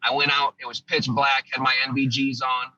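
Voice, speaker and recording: Veteran storyteller, man, very bright tense tone, slightly dull audio. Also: mid-range voice, level tone, moderate pace, no room sound. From United States. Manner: vivid storytelling, acting out quoted lines. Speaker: guest, former army sergeant. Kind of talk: recounting a combat story in a podcast interview.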